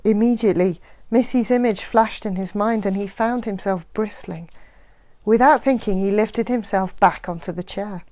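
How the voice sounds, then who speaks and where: A woman reading a novel aloud in a steady, measured narration. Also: mid-range voice. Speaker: reader.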